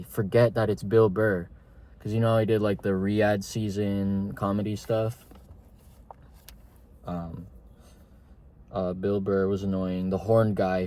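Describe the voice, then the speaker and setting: Mellow-voiced young man rambling casually. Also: lowish voice. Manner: slangy, rambling, heavy on filler words. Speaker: TV show reviewer. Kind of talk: casual spoken review.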